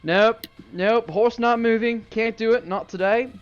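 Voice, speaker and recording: A man voicing a lazy, slow-witted male bandit who refuses to budge. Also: extremely high pitch, steady tone, dull audio, voice pushed up. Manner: lazy, dismissive.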